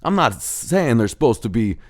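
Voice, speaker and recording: A man's voice: medium pitch, very animated, normal speed. A man hosting a ranting monologue, profane and heated, acting out bits of dialogue as he goes. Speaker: host of a rant show.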